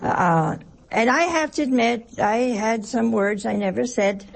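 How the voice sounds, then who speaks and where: An older nun preaches in a homely, chatty way, sprinkling in stories and rhetorical questions. Her voice has a gravelly, creaky texture at a middling pitch, with a faint hiss of noise behind it. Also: measured pace. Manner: chatty, asks rhetorical questions, tells anecdotes. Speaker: nun giving a religious talk. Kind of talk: conversational sermon.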